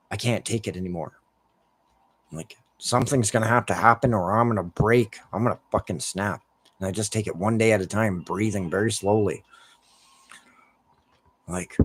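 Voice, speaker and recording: A man's voice: lowish voice, breathy edge, no echo. A man from the United States ranting over gameplay as a gaming streamer, in heated, heavily profane rambling talk.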